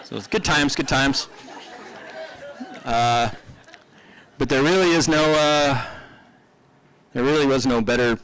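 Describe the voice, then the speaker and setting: A man of ordinary pitch sharing a friend's stories at a memorial. He talks loosely, with many fillers and restarts, and often laughs through his words. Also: slow pace, pauses often, a bit bright, a faint crowd, slight background noise, poor audio. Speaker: eulogy speaker. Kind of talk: casual storytelling eulogy. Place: memorial service.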